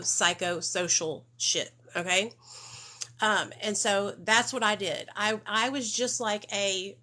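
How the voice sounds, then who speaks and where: A woman's voice: mid-range voice, bright, forceful tone. A woman from Arkansas, hosting a casual livestream about addiction recovery and talking straight to her viewers. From Arkansas, USA. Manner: chatty, talks straight to viewers with frequent "okay?". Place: home room with children nearby.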